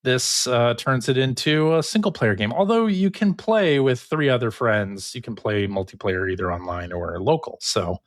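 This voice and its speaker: A man co-hosting a podcast and presenting the news in a relaxed, hesitant way with frequent fillers. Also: mid-range voice, moderate pace, hardly any pauses, no room sound, studio quality. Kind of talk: casual chat.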